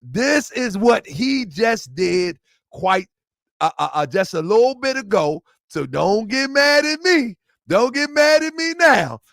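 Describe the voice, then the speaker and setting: A man's voice: sits high, sing-song, slow pace, gravelly, a bit bright, no room sound, studio quality. A man hosting his online show, talking in a rambling, repetitive way with lots of slang. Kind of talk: casual livestream talk.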